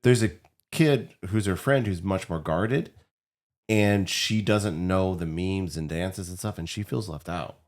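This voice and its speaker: A man's voice: deep voice, measured pace. A man co-hosting a podcast and talking about parenting, swearing and joking as he goes. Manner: swears, jokes, cheers things on. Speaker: podcast co-host. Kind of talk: casual chat.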